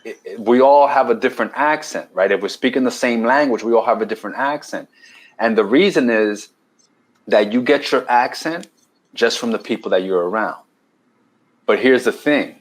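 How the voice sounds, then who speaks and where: A man's voice: medium pitch, normal speed, low-quality recording. A man from New York with a New York accent, a guest on a podcast who explains things at length, restarting words and checking in with "right?". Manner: explanatory, repeats words and says "right?" often. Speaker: guest, keto challenge coach. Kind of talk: casual podcast conversation.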